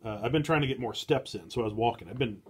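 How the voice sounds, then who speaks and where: Man, host, mid-pitched, halting, dry, restarts a lot. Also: expressive, a little mellow. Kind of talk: casual chat.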